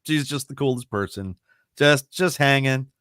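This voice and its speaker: Radio guy from the baltimore area, mid pitched, chatty, laughs a lot, dry close sound. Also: moderate pace, fairly bright tone, dry recording. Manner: chatty storyteller, laughs often, many restarts. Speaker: radio broadcaster guest. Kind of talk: casual interview chat.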